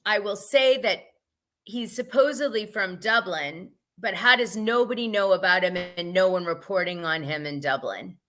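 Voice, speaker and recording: A woman's voice: mid-range voice, moderate pace, fairly bright tone, a little hiss or hum. A woman hosting a casual gossip live stream, talking frankly and laughing often. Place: home, Los Angeles area.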